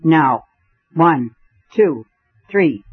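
A man's voice: a little high, expressive, drawn-out words, breathy edge, narrow, tinny audio, soft background music, exaggerated voice. A man voicing an eager young man who plays detective, with dramatic, commanding speech.

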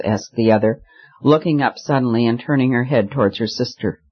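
A man reading a story aloud as audiobook narrator, in an even, measured storytelling manner. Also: medium pitch. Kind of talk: scripted narration. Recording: slightly muffled recording.

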